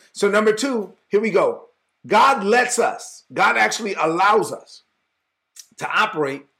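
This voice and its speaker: Male preacher, high voice, casual conversational sermon, animated, acts out scenes.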